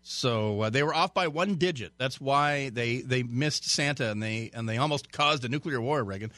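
A man's voice: mid-range voice, moderate pace, sharp tone, no echo. Chatty male radio host, dry studio sound. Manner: chatty, stumbling restarts, jokey asides. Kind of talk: casual radio talk, reading a story.

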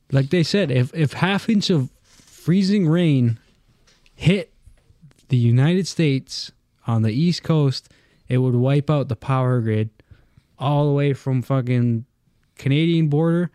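A man's voice: medium pitch, dark tone, no room sound, clean studio sound. A man co-hosting a podcast, talking in a loose, profane, ranting way in casual chat. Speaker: podcast co-host.

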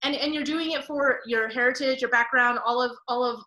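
A woman's voice: sits high, fairly even intonation, brisk, sharp tone, reverberant. A woman hosting a podcast interview over a video call, gushing and emotional, rambling with many restarts. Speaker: podcast host.

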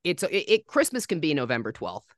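A young man co-hosting a comedy podcast in a bright, forceful voice. He jokes his way through mock-grand introductions. The recording is dry and close. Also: a little high, wildly swooping pitch, a little fast, no room sound. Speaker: podcast co-host. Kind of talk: casual comedic podcast chat.

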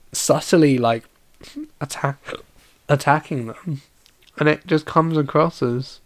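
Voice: medium pitch, vocal fry, no echo. A podcast host chatting casually alone about a film, rambling with constant fillers and restarts, and tired and yawning.

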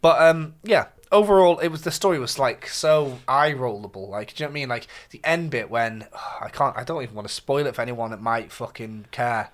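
A man co-hosting a podcast in casual chat, animated and sweary, his pitch jumping up as he gets going. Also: brisk, hardly any pauses. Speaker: podcast co-host.

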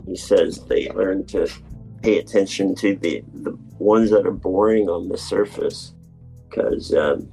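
Very deep, slow-talking man. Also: vocal fry, dark tone, poor audio. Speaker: podcast co-host. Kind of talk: casual chat.

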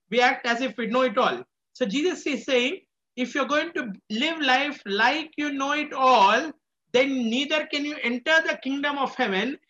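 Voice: sits high, sharp tone, lo-fi sound, a little hiss or hum. A preacher with a small child, delivering a sermon emphatically, repeating key phrases and asking rhetorical questions. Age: adult with a small child.

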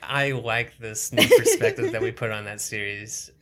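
A woman with an unusually deep voice co-hosts a podcast, recapping a film in loose, casual conversation. She talks in a dry way and plays along with her co-host's jokes. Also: wildly swooping pitch, normal speed, a crowd in the background. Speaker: podcast co-host. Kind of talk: casual movie recap chat.

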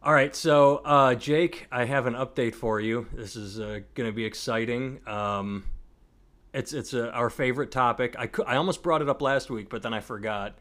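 A Midwestern man of middling pitch chatting loosely on a podcast. He rambles through fillers and restarts and laughs easily at his co-host. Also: moderate pace, fairly bright tone. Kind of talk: casual podcast banter.

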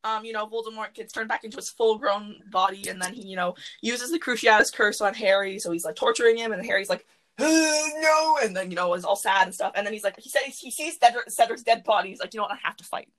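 A woman hosting a podcast from her closet, chatting casually and rambling excitedly with lots of fillers. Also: medium pitch, quick pace, few pauses, rough recording. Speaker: podcast host. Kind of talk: casual chat.

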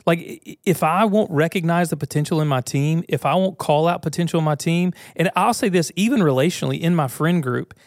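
A man's voice: on the high side, a little fast, hardly any pauses, dry recording, studio quality. A man hosting a podcast, talking earnestly and casually with frequent restarts. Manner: earnest, conversational, many restarts. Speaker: podcast host. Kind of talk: motivational podcast monologue.

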